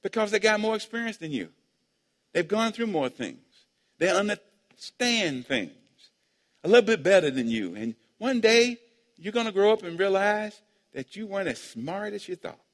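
A man preaching as pastor, drawing amens and answers from the congregation in call-and-response, breaking into sudden shouts. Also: high-pitched, lively intonation, normal speed. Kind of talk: sermon. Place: church sanctuary. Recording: long hall reverb.

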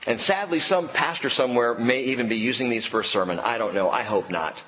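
A male pastor preaching a sermon, swinging between loud emphatic peaks and quiet low drops, with dry humor. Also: expressive, a little fast, few pauses, slight background noise. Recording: long hall reverb, faint ambience.

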